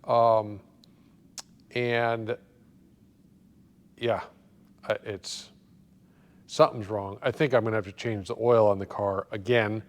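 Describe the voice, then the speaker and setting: Rambling man in an echoey shop. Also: on the low side. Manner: rambling, relaxed, thinking aloud with many pauses. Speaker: host of a car repair channel. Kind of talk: casual talk to camera. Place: home car shop.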